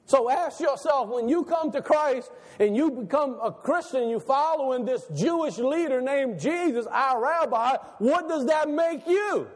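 Male pastor, very high voice, animated sermon delivery with a long hall reverb. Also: measured pace, hardly any pauses. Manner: animated preaching, rhetorical questions, laughs between lines.

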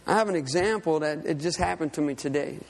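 A man's voice: fairly high pitch, quick pace, gravelly, big-room sound. A man preaching a sermon, telling a personal story in an earnest, conversational way. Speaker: lay preacher and fishing guide.

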